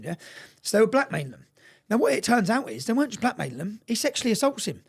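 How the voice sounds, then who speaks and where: A man with a high, gravelly voice and a breathy edge talks fast with big swings in pitch. As an interview guest telling his story, he's emphatic, swears often, and keeps checking in with "yeah?"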